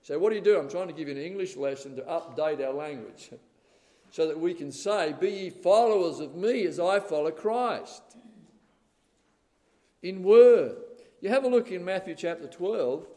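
A man's voice: fairly high pitch, lively intonation, normal speed. Emphatic older man preaching in a hall. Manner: emphatic, rising to loud stresses, calls of "amen?". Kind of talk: sermon. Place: church. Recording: reverberant hall.

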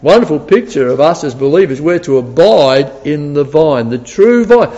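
A man preaching a sermon with a voice pitched well above most men's. He sounds animated, doubles his words as he restarts, and keeps turning questions to the congregation. His voice rings through a large church with a long reverb. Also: normal speed, few pauses, dull audio.

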